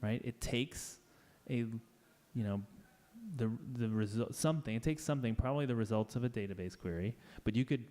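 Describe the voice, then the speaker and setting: Guy giving a laid-back tech talk, mellow warm voice, chatty, slips into little voices for bits. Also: mid-range voice, moderate pace. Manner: chatty, playful, acts out little scenes in voices. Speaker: conference speaker. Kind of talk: casual conference talk.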